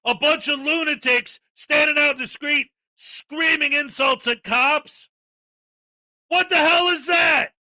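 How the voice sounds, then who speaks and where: A man's voice: extremely high pitch, takes it slowly, bright, forceful tone, dry recording, raised voice, poor audio. A man hosting a commentary channel, ranting with sarcastic exasperation.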